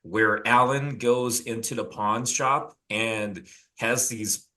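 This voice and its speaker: A man's voice: medium pitch, steady tone, takes it slowly, pushed and bright. A man on a video call, a dating coach telling a rambling story in casual chat, swearing freely.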